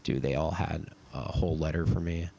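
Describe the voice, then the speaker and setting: Deep-voiced, fast-talking young man. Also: steady tone, creaky, mellow, a little hiss or hum. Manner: laid-back, says "dude" and "like" a lot. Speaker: podcast guest, army sergeant. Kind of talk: casual storytelling chat.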